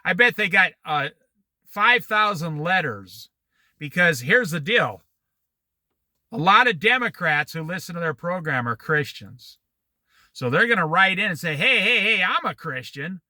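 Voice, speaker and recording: A man in his sixties teaches a Bible study in a lively, swooping voice that sits high for a man. His sound is very bright and cutting, and he breaks off into opinionated, digressive stories. The recording is dry, with almost no room sound. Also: unhurried, pauses often, dry recording. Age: 60s. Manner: opinionated, digressive, animated storytelling.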